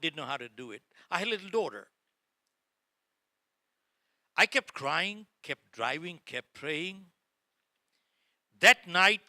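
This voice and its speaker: Bright, lively middle-aged male keynote speaker. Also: a little high, dry recording, studio quality. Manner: dramatic, addresses audience as folks, acts out dialogue. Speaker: motivational speaker. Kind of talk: motivational keynote storytelling. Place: lecture hall before a live audience.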